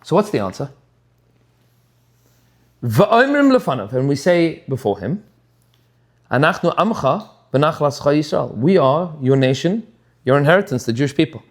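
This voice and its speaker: Expressive high-voiced rabbi teaching. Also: male voice, moderate pace, pauses often. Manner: expressive storytelling, dipping low for asides. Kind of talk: Torah class teaching.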